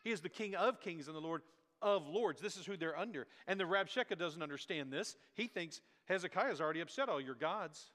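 A male pastor preaching a sermon in a church, animated and emphatic, repeating his words and acting out quotes. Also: on the high side, fairly quick. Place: church sanctuary. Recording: long echoey hall reverb.

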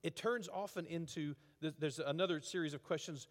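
A man preaching a conversational sermon, halting with fillers and restarts, rising to emphatic rhetorical questions. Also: a little high. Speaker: pastor. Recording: reverberant hall.

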